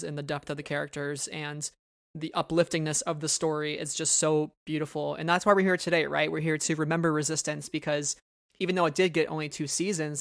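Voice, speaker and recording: A man's voice: on the high side, creaky, fairly bright tone, no room sound, clean studio sound. A man hosting a fan podcast interview, talking enthusiastically while stumbling over repeated words. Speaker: podcast host. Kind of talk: casual interview.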